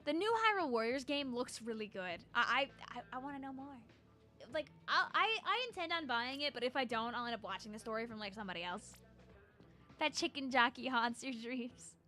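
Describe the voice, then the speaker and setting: A woman's voice: on the high side, animated, fast, sharp tone, soft background music. A woman streaming a game, chatting playfully with her viewers and tossing in silly sound effects. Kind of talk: casual live-stream chat while gaming.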